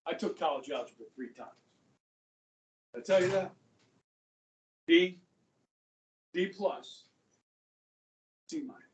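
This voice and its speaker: A middle-aged man teaching a high school history class, chatting and joking, often checking in with his students. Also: dull audio. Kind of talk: classroom lecture. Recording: echoey classroom, voice from far off.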